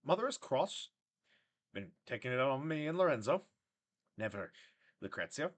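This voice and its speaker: A man's voice: medium pitch, sing-song, normal speed, close to an everyday voice. A man playing a mocking younger tiefling brother. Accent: generic fantasy accent. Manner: mocking, sibling teasing.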